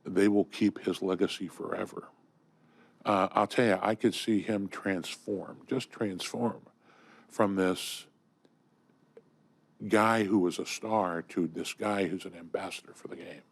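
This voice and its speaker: An older man from Southern California, a guest in a studio conversation, telling enthusiastic stories full of fillers and restarts. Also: deep voice. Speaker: interview guest. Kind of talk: storytelling in conversation.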